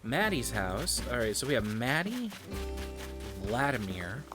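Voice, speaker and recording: A man with a mid-range voice and big pitch swings talks a little slowly over music while gaming. He's a tired streamer who yawns, mutters his commentary, drops casual swears, and drifts in volume.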